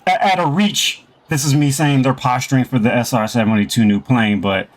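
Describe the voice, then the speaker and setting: A man's voice: medium pitch, brisk. A man co-hosting a podcast in casual chat, blunt and incredulous, with heavy profanity. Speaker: podcast co-host.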